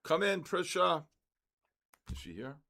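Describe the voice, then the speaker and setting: An older man hosting a trading livestream, cheerfully calling out raffle winners in a drawn-out announcer way. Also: a little high, sing-song, gravelly, sharp tone, a little hiss or hum. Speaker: trading stream host.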